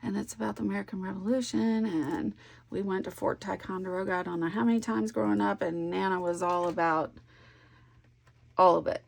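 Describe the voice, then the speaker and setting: A woman talking casually to her viewers while she crafts, her mid-pitched voice carrying a gravelly, creaky texture. She rambles through stories in an easygoing, conversational way, slipping into soft asides to herself. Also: fairly even intonation, a little fast. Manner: chatty, warm storytelling with soft asides. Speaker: scrapbooking vlogger.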